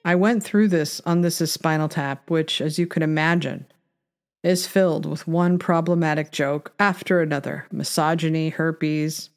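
A woman's voice: low voice, fairly even intonation, normal speed, clean tone. Woman narrating a satirical story.

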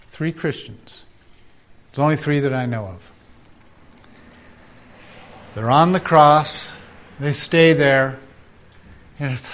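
A man preaching at a conference, animated and acting out quoted voices, sometimes dropping to a whisper. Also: fairly high pitch, slow pace, long pauses. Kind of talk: conference sermon.

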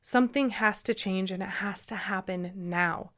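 A woman's voice: medium pitch, normal speed, fairly bright tone. A woman hosting a solo podcast, talking earnestly and emphatically, with frequent restarts and a slightly emotional edge. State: a little emotional. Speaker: podcast host. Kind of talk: casual solo podcast monologue.

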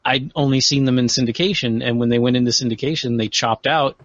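A man's voice: mid-range voice, fairly even intonation, fast talker, no room sound. Man, casual chat, rambling, dry close sound, dull recording. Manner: rambling, self-correcting.

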